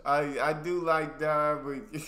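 A man's voice: fairly high pitch, level tone, takes it slowly, sharp tone. A man hosting a reaction video, reacting to an old comedy clip with incredulous exclamations, in an echoey room. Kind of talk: reaction commentary.

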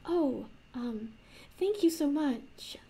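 A woman's voice: high-pitched, expressive, takes it slowly, dark tone, voice pushed up, full character voice. A woman voicing a naive, wide-eyed young princess who sounds timid and delighted. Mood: shy, delighted.

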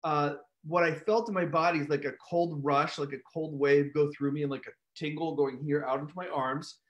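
A man hosting a casual live stream, telling a lively story. His voice sits a little high for a man. He acts out reactions with sudden shouts. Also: a little fast. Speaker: host.

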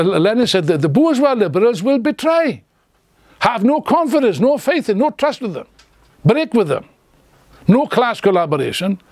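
An older man giving a political lecture to an audience, emphatic, asking rhetorical questions and often restarting his sentences. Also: fairly high pitch.

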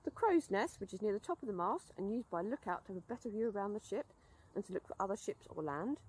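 A woman presenting an outdoor lesson for children, explaining in a lively, upbeat way. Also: mid-range voice, fast talker, husky.

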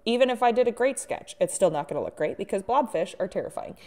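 A woman with a mid-range, darkish voice talks fast and animatedly while drawing on a live stream. She chats casually and pokes fun at herself, laughing and sighing often.

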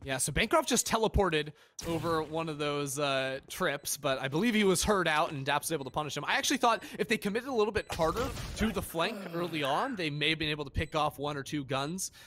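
Male esports caster from North America, quick and analytical, slightly high voice, light noise on the line. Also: expressive, a bit bright. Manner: quick, analytical, laughs easily. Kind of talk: play-by-play commentary.

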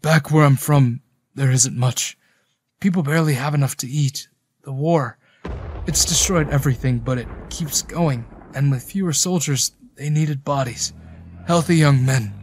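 A man voicing a wounded young male soldier who was forced into the army, speaking in a quiet, resigned way. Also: mid-range voice, moderate pace, slight background noise, natural voice. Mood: weary.

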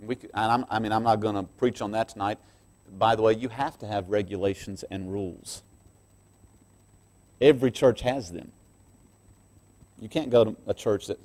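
A man preaching a sermon as pastor in a church, swinging from quiet asides to loud, emphatic passages and laughing between lines. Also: lowish voice, normal speed, long pauses.

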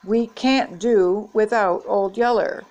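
A woman's voice: medium pitch, fairly even intonation, slow, darkish tone, muffled recording, close to an everyday voice. An older woman voicing a schoolboy who fancies himself an actor in a children's storybook, earnest and self-important.

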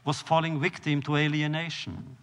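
A man giving a storytelling lecture, measured and solemn with dramatic pauses. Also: fairly high pitch, fairly even intonation, fairly bright tone. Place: lecture hall. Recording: long reverb of a lecture hall.

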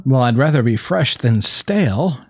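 A man's voice: mid-range voice, lively intonation, moderate pace, no room sound, studio quality. A man casually chatting and teasing on a live craft stream. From North Carolina, USA. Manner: joking, teasing. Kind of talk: casual chat.

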